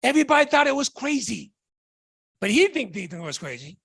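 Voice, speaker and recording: A man giving an excitable, repetitive sales pitch to an audience, calling them folks and guys. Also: brisk, creaky, slightly rough. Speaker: business presenter.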